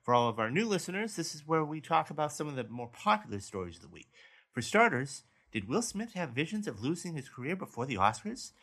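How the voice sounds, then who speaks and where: A man's voice: fairly high pitch, big pitch swings, a little fast, a bit bright, husky. A man hosting a movie news podcast, reading out stories and then chatting about them casually. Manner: reads news stories aloud, then chats. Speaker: podcast host.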